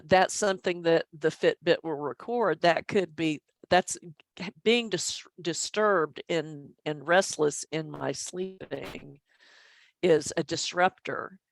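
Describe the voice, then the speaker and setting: A woman's voice: low-pitched, slow, vocal fry, dry recording. A middle-aged woman, a statistician, explaining measures in an online training session with goofy self-deprecating humor. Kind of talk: online presentation.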